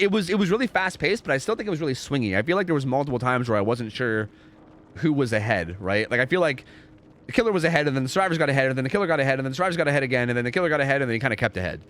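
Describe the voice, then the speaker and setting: A man's voice: mid-range voice, lively intonation, racing, a bit bright. A young man casually commentating a game live on stream, rambling, repeating himself and swearing freely.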